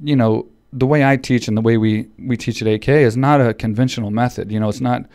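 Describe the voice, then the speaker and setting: A man's voice: medium pitch, steady tone, a little fast, a little mellow, clean tone, no room sound. Man, podcast host, casual chat, slightly out of breath, dry close sound. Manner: rambling with many restarts. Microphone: studio podcast mic.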